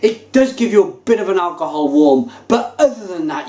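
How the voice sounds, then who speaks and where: A man reviewing craft beer to camera, talking casually with animated enthusiasm. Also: high voice, moderate pace. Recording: echoey room.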